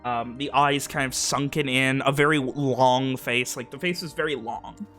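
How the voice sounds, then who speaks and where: A man running a tabletop game as game master, talking in an animated way and laughing easily. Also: medium pitch, moderate pace, soft background music.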